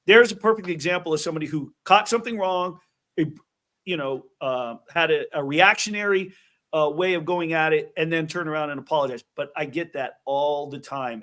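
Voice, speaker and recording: A man hosting an interview, telling stories in an animated way with quick asides. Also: fairly high pitch. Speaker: host. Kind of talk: casual interview chat.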